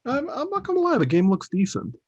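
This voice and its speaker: A man's voice: extremely high pitch, huge pitch swings, fast talker, slightly rough, dry recording. A man co-hosts a laid-back gaming podcast. He rambles and chuckles, leaning on fillers as he thinks aloud. The audio is dull and bone dry, with no room sound. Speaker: podcast co-host. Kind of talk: casual gaming podcast chat.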